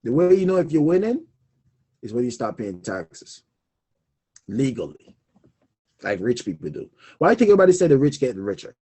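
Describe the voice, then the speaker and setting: A man's voice: mid-range voice, big pitch swings, brisk, long pauses, warm tone, breathy edge. A young man hosting a personal finance talk show, speaking animatedly and emphatically, laughing often and repeating key points. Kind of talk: casual solo talk on money.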